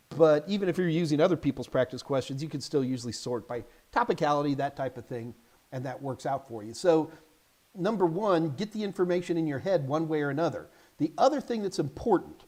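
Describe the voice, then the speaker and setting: A chatty, animated man hosting a casual live question-and-answer stream. He teaches IT certification and drops jokey asides as he goes. His voice sits fairly high for a man. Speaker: host and IT certification instructor.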